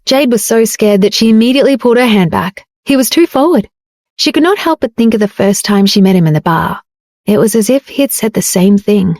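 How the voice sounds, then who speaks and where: A woman's voice: fairly high pitch, animated, brisk, darkish tone, no echo, studio quality. Woman narrating a romance audiobook.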